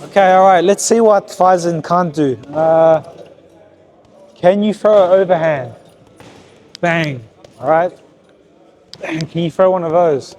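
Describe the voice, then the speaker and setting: A man's voice: fairly high pitch, a little slow, long pauses, a little mellow. A man coaching a young boxer at a heavy bag, giving short, repeated, encouraging cues. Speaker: boxing coach. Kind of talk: hands-on coaching session. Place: boxing gym with heavy bag.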